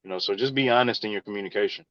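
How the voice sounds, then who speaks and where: A man's voice: on the low side, very fast, no echo, lo-fi sound. A man, an engineer in real estate, answering interview questions in an earnest, conversational way. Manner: earnest, advice-giving, conversational.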